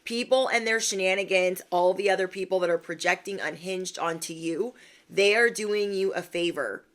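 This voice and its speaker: A young woman with a fairly low voice hosts a spiritual livestream at a normal pace, working as a spiritual reader. She gives her viewers a casual pep talk in a sassy, slangy style and laughs often.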